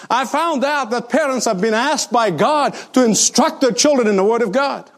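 A man preaching a sermon as a pastor, emphatic and repeating his points for weight. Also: very high voice.

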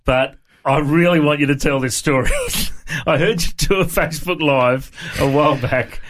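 A man's voice: on the high side, moderate pace, a bit bright, a little hiss or hum. Teasing male radio host. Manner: friendly, teasing interviewer. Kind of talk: radio interview.

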